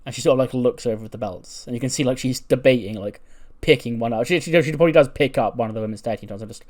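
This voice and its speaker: A man's voice: mid-range voice, very fast, darkish tone. A man casually narrating a wrestling simulation playthrough, chatty with lots of fillers. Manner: chatty, filler-heavy, laughs at own jokes. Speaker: video game narrator.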